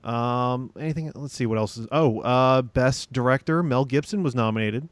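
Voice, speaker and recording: A man's voice: mid-range voice, normal speed, no echo. A man co-hosting a podcast in casual chat, hesitant, with many ums and restarts. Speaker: podcast co-host.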